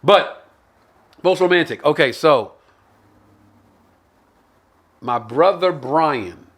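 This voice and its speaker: A man's voice: a little high, very slow. A male comedian from Brooklyn tells stories in casual, profane chat and acts out what people said. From Brooklyn, New York. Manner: animated, profane, acts out quotes. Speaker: comedian host.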